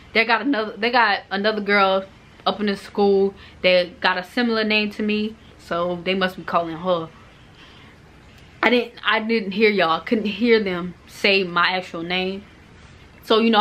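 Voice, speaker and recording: A woman's voice: medium pitch, normal speed. A young woman telling a storytime vlog, acting out dialogue in casual, slangy speech with profanity. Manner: animated retelling, acting out dialogue. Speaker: vlogger.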